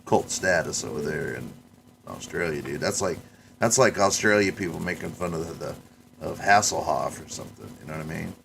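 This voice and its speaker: A man's voice: very deep voice, brisk, creaky, a bit bright, a little hiss or hum. A man hosting a podcast, rambling and joking in casual chat. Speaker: podcast host.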